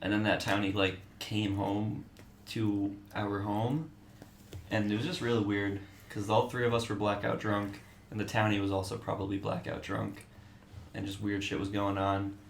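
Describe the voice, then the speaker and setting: Low-voiced young man in an echoey room. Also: normal speed, vocal fry. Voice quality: low, somewhat monotone voice. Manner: rambling storytelling with restarts. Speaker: podcast co-host. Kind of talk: casual podcast chat. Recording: echoey room, faint background noise.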